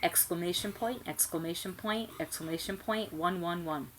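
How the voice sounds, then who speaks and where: A woman giving a comic dramatic reading at home, shouting the quoted lines and reading the punctuation aloud in a flat voice. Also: on the low side, moderate pace, few pauses, slight background noise, rough recording. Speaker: guest reader.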